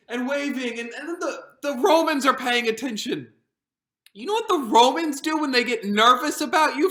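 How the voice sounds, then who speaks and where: A woman's voice: fairly high pitch, a bit bright, close to an everyday voice. A woman pastor performing a devotional monologue as a frightened disciple of Jesus, anxious and stammering with many restarts. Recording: roomy echo.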